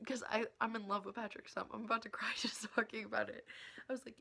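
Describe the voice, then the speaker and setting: Young woman vlogging a storytime, giggly, keeps going whispery, bright edgy voice with lots of fry. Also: a little high, quick pace. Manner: excited, giggly, drops to a whisper often. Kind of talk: casual storytime.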